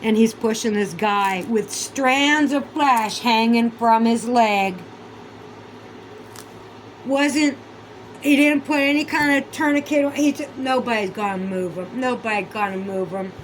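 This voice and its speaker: A woman's voice: fairly high pitch, unhurried, slight background noise, low-quality recording. A woman vlogger in a casual, heated monologue, swearing a lot and sounding sarcastic and incredulous. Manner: heated, profane, ranting.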